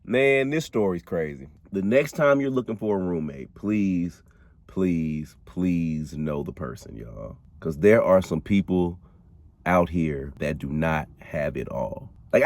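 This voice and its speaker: Brief: male podcast host, casual slangy storyteller, low voice with very animated pitch. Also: dry recording. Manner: animated, slangy, laughs often, addresses listeners directly. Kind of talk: casual true crime storytelling.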